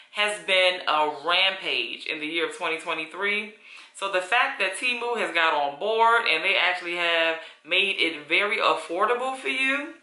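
A woman gushes through a casual wig review, calling her viewers honey and y'all. Her voice is very bright and sharp. The room around her rings with echo. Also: on the low side. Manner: chatty and effusive, calls viewers honey and y'all. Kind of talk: casual product review vlog. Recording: echoey room.

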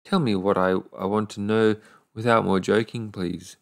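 A man's voice: fairly low pitch, steady tone, normal speed, vocal fry. A man reading the part of a bewildered young fisherman in a storybook, pleading and anxious.

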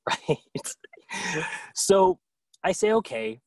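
A man's voice: fairly high pitch, sing-song, slow, pauses often, darkish tone, dry recording. A man hosting a casual question session, telling a travel story in a chatty way with fillers and restarts. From United States. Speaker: host of a moving-abroad Q&A event.

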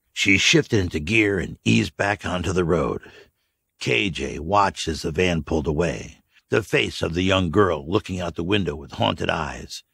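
A man reads a story aloud in a steady, even way. His voice is deep and gravelly, with a husky rasp. It is recorded close and dry. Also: no room sound. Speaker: narrator. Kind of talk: audiobook narration.

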